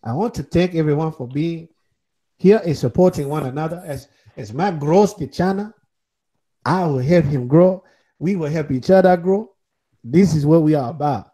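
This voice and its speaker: A man's voice: mid-range voice, lively intonation, warm tone, natural voice. A man putting on a mock African accent for a jokey, grandly formal sign-off to a boxing panel. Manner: slow grand formal phrasing.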